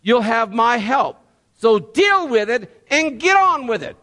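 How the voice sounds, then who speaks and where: A man's voice: extremely high pitch, very animated, slow, sharp tone, exaggerated voice. A man voicing God as a stern male deity, blunt and commanding, within his sermon.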